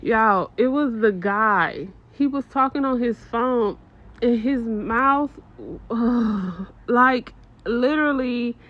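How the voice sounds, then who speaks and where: A middle-aged woman telling a casual story to her viewers, animated and swearing, with exaggerated disgust. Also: fairly high pitch, takes it slowly, muffled recording.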